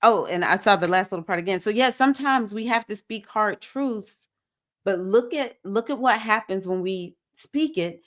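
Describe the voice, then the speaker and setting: A woman with a Southern accent hosts a livestreamed spiritual circle for women, speaking earnestly and a bit preachily with bursts of excitement. Her voice is mid-range and her pace moderate.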